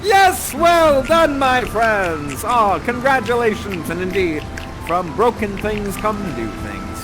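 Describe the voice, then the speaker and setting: Effusive theatrical man with a lively voice. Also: high-pitched, takes it slowly, over music, rough recording. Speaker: actor and host of an interactive theater show. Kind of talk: theatrical Shakespeare performance and audience hosting.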